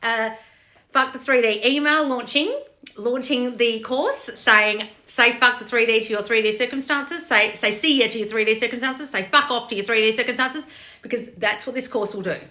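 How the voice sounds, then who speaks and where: Aussie lady coach ranting at viewers, swears a lot, bright sharp voice. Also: on the high side, normal speed. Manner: profane, blunt, exasperated tough-love scolding. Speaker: manifestation coach. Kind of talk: blunt livestream chat reading comments.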